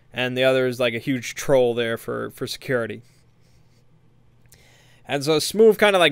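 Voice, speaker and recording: A man walks through a tabletop game session in a loose, rambling recap, circling back on himself and chuckling at his party's choices. His voice is smooth and clear at a middling pitch. It is recorded close and dry. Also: a bit bright, dry recording. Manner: meandering, hesitant, amused storytelling. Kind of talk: casual spoken recap.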